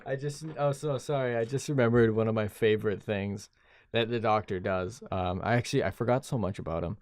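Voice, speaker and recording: A man's voice: fairly low pitch, brisk, darkish tone, no room sound, studio quality. A man co-hosting a podcast, retelling movie scenes in casual chat and acting out the dialogue, with some stammering. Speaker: podcast co-host.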